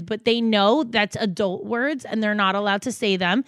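Young mom on a podcast, blunt, cusses a lot, dry close sound. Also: female voice, medium pitch, moderate pace, few pauses, dry recording. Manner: blunt, swears freely, acts out quotes. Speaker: podcast co-host, mother. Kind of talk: casual chat.

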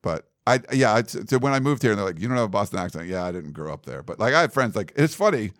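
A man with a lowish voice that rises and falls freely as he chats. He rambles through his points with plenty of likes and ums. The sound is close and dry, with no room around it. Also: big pitch swings, quick pace, a bit bright, no room sound. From United States. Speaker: podcast host. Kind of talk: casual sports chat.

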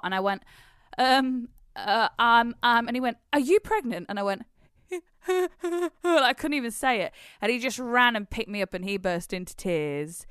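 A woman's voice: mid-range voice, fairly bright tone, clean tone, dry recording, studio quality. A woman in her thirties co-hosting a podcast, telling a story with animation and easy laughter. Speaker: podcast co-host. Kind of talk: casual chat.

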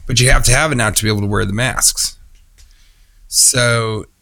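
A man's voice: medium pitch, steady tone, moderate pace, sharp tone, dry recording. A man co-hosting a comedy podcast, reading listener messages and riffing with crude, playful jokes. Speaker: podcast co-host.

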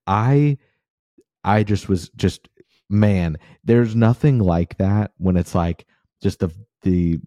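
Brief: male podcast co-host, very low dark voice, hyped and loose, dry close mic. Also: no echo. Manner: fired up, casual slang, many fillers. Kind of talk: animated sports podcast chat.

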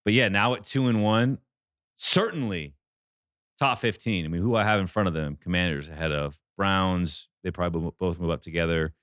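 A man hosting a casual sports betting chat, talking fast in animated bursts. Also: low-pitched, no room sound, clean studio sound. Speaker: sports betting podcast host.

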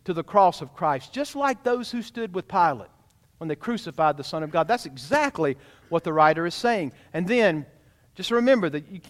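High-voiced preaching pastor in a reverberant church. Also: male voice. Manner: emphatic preaching, rhetorical questions to the congregation. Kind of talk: sermon. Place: church sanctuary.

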